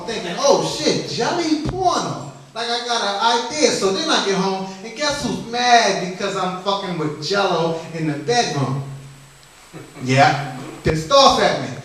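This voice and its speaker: A man's voice: high voice, fairly bright tone. A man doing open mic stand-up comedy, telling a rambling, profane story and joking with the crowd. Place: comedy lounge stage. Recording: echoey room, mic at a distance.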